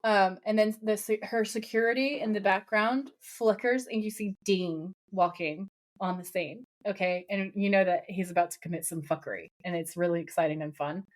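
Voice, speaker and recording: A woman's voice: medium pitch, moderate pace. A woman co-hosting a podcast, playfully recapping a TV episode and acting out quoted lines. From raised partly in America. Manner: animated, playful, retells scenes with quoted lines. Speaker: podcast co-host. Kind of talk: casual episode recap chat.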